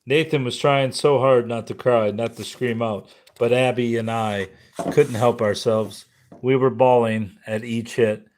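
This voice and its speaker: A man narrating a memoir audiobook in a somber, measured way. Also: mid-range voice.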